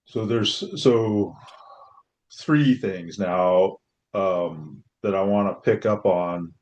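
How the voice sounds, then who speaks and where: A man's voice: deep voice, drawn-out words, a little mellow, muffled recording. A man hosting a casual conversation, talking in a reflective, hesitant way with many fillers. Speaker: host.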